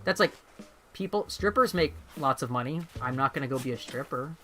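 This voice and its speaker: Bright, profane vtuber rambling casually. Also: mid-range voice, expressive, a little fast, faint music behind. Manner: rambling, profane, laughs often. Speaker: vtuber streamer. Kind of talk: casual livestream chat while gaming.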